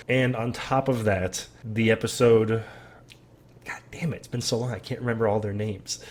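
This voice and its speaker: A man hosting a casual reaction vlog, rambling and swearing as he tells an animated story. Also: medium pitch. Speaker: host.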